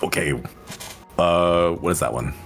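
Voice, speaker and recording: A man's voice: deep voice, a little slow, creaky, fairly bright tone, faint music behind. A man playing a tabletop game, chatty and a little hesitant. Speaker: player.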